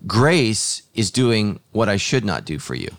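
A man's voice: fairly low pitch, very animated, a little slow, no room sound. A man, a pastor hosting a podcast, talking in a thoughtful, earnest way with many fillers and restarts. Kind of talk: casual podcast conversation.

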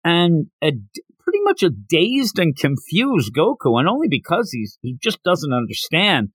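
Animated man recapping a comic. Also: on the high side, slightly rough, dry recording. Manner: animated, acts out characters' lines in quick voices. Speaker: podcast host. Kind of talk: casual recap of a manga chapter.

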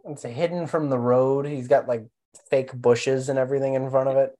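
A man with an everyday, mid-range voice co-hosts a podcast about films. He chats in a relaxed way and adds little stories as he talks. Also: medium pitch, normal speed. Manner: relaxed, chatty, adds anecdotes. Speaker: podcast co-host. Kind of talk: casual film discussion.

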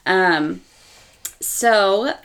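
A woman in her thirties co-hosting a podcast in casual chat, chatty and laughing often, her voice a bit rough from being sick. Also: medium pitch, very slow, fairly bright tone, slight background noise. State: slightly sick voice. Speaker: podcast co-host.

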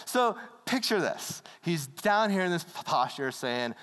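Casual, animated preacher telling a story, with long hall reverb. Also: medium pitch, unhurried. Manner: acts out quoted voices. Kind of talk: sermon.

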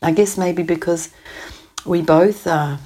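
A woman's voice: fairly low pitch, fairly even intonation, takes it slowly, dark tone. A woman in her sixties with a New Zealand accent, a thoughtful, hesitant interview guest who laughs often. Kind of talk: casual conversation.

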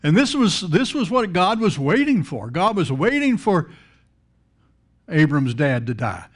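A man's voice: fairly high pitch, sing-song, unhurried. A man preaching a sermon in a conversational style, repeating words and asking the congregation questions.

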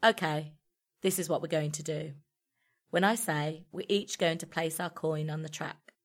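A woman's voice: sits low, steady tone, moderate pace. A woman reading the part of a bossy teenage boy who leads his friends, giving orders in a commanding, emphatic way.

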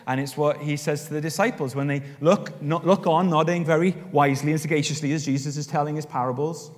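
A man preaching to his congregation, his voice sitting a touch higher than most men's. He tells his story with animated emphasis that rises as he goes. The long reverb of a church hall trails after his words. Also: fast talker. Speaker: pastor. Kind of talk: sermon.

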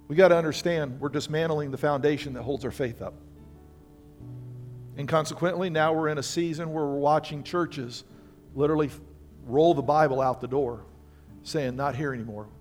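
An older man preaching in a church sanctuary, his fairly high voice rising and falling as he talks to the congregation and asks them to answer back. Soft instrumental music plays faintly underneath. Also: moderate pace, long pauses. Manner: animated, conversational preaching with call-and-response. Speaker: pastor. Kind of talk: sermon.

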